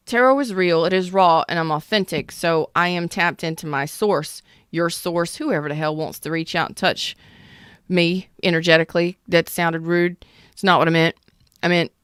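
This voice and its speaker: A woman in her thirties talks through a tarot reading bluntly and emphatically, swearing freely along the way. Her low-leaning voice is smooth, clear, and fairly bright. The sound is dry and close, with no room sound.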